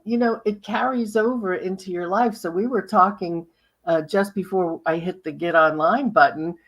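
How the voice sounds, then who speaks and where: Lower-voiced woman hosting an interview. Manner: chatty, affirming the guest. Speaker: host. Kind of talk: conversational interview.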